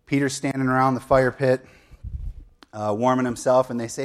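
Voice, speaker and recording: A man's voice: medium pitch, fairly even intonation, normal speed, pauses often, clean tone. A man preaching a sermon as a pastor, retelling a story in a conversational way with asides and light humor.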